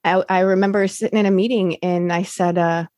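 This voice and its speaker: A woman's voice: on the low side, steady tone, fairly quick, a little mellow, no echo, studio quality. A woman, now a recovery coach, candidly telling her recovery story in a rambling way, full of fillers and restarts.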